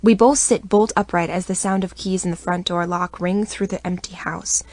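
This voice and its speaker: A woman narrating a first-person romance audiobook in an intimate, expressive reading voice. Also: fairly low pitch, normal speed, no echo.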